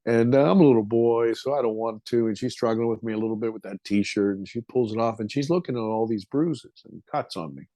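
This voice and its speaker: A man's voice: mid-range voice, fairly quick, hardly any pauses, warm tone, dry recording. Man in his fifties telling a vivid story. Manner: vivid, emotional retelling with casual swearing. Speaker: podcast guest. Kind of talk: casual storytelling.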